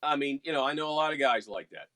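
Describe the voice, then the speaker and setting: A man's voice: mid-range voice, quick pace, fairly bright tone. A man from West Virginia, a veteran radio announcer co-hosting a casual chat show, talking in an easygoing, wry, teasing way.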